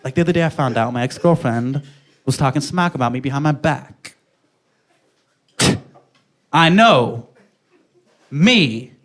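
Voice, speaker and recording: A man's voice: medium pitch, unhurried, pauses often. A young man performing a stand-up comedy set, telling self-mocking stories and acting out the dialogue. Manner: animated, self-mocking storytelling with acted-out dialogue.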